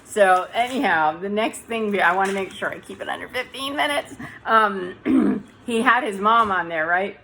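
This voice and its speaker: A woman's voice: medium pitch, animated, normal speed, creaky, pushed and bright, slight background noise, rough recording. A woman talking casually to camera in a dim room, rambling and correcting herself as she goes. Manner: rambling, self-correcting, chatty. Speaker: vlogger.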